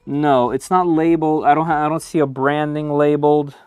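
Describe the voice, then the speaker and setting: A man's voice: on the high side, fairly even intonation, brisk, a little mellow, clean tone, no echo, faint music behind. A man giving live-stream commentary while unboxing a machine in his home workshop, thinking aloud with frequent "uh"s and small restarts.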